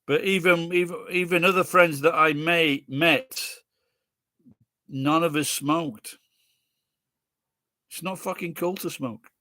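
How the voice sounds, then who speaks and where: A man's voice: on the high side, steady tone, slow, long pauses, sharp tone, no room sound, studio quality. A man in his sixties with a Sheffield accent, hosting a livestream in casual chat, bluntly answering viewers' questions and swearing freely. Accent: Sheffield English. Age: 60s. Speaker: livestream host reading viewer comments.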